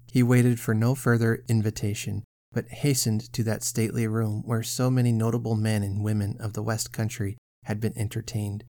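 Man narrating a classic novel, steady. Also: lowish voice. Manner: steady, measured storytelling. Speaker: audiobook narrator. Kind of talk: scripted narration.

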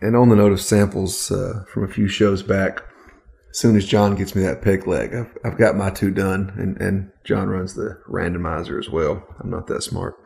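A man's voice: low voice, fairly even intonation, normal speed, vocal fry, a little mellow. A man co-hosting a casual podcast from his home, laid-back and rambling, often restarting his sentences. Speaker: podcast co-host. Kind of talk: casual chat. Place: home studio at his house. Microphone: studio microphone.

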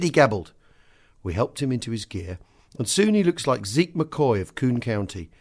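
A man hosting a podcast, reading a book extract aloud with lively swings in pitch and loudness. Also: normal speed.

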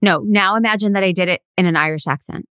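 A woman co-hosting a casual podcast chat, eager and animated, often laughing as she quizzes her friend. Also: mid-range voice, fast, clean tone, no echo, studio quality. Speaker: podcast co-host.

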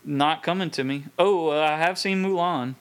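A man in his twenties co-hosting a podcast in casual chat, talking haltingly with frequent laughs. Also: fairly high pitch, clear, resonant tone. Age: 20s. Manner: hesitant, halting, laughs often. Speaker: podcast co-host.

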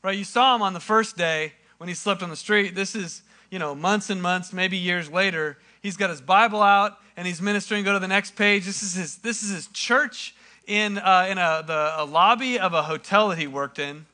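A man's voice: high voice, moderate pace, bright, forceful tone. A man speaking casually to a congregation, with a loose, filler-heavy delivery.

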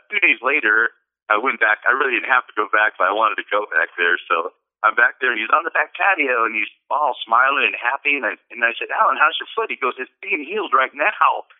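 A man calling in to share a personal story in casual, rambling talk, full of fillers and restarts. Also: medium pitch. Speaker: caller sharing a testimony. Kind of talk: casual storytelling on a call-in show. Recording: tinny phone line.

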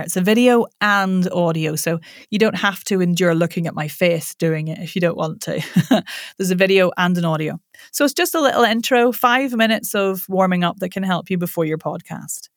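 Playful woman coaching vocal warm-ups. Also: fairly low pitch, dry recording, studio quality. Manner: playful, laughing often, coaching tone. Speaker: voice coach guest.

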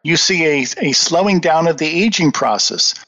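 Earnest guy explaining stuff in an interview, kinda high voice, dull lo-fi sound with long reverb. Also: lively intonation, normal speed, pushed and bright. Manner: earnest, emphatic, lecturing. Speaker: guest.

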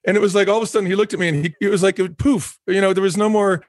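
A man's voice: high voice, steady tone, racing, dry recording. Earnest man, dry close sound. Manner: earnest, repeats phrases for emphasis, laughs easily. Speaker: guest, former company executive. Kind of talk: reflective conversational talk.

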